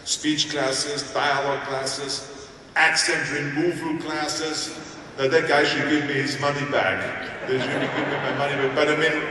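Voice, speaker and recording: An Austrian-accented man in his sixties delivers an emphatic motivational speech with humorous asides. His voice sits fairly high for a man. It booms through a huge indoor arena with long reverb, picked up from far off. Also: fairly bright tone, slight background noise. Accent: Austrian German. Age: 60s. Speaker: motivational speaker. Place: large indoor sports arena. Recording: echoey arena sound from far off.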